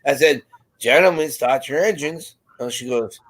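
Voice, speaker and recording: A man chatting on a video call, telling lively anecdotes and putting on voices for the people in them. His voice sits at an ordinary pitch for a man. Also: normal speed. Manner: animated storyteller, acts out quotes. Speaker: panel guest. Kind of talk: casual chat.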